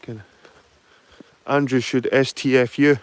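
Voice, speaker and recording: A man's voice: mid-range voice, brisk. A Scottish man talks casually as he walks through a wooded glen. He is wry, makes joking asides and swears now and then. The sound comes from a handheld camera out of doors. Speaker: vlogger. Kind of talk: casual walking commentary.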